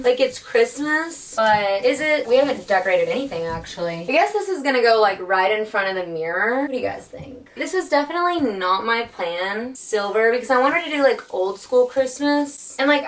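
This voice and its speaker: Bubbly young woman vlogger, slightly distant. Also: medium pitch. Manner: chatty, bubbly, many likes. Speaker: lifestyle vlogger. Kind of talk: casual chat to camera. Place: bedroom at home. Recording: voice a bit far from the mic.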